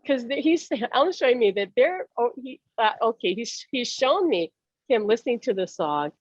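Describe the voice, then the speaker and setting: A woman giving a mediumship reading in a casual, animated way, often laughing and acting out what others say. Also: a little high, moderate pace, husky, dry recording, dull audio. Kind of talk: casual reading over a call.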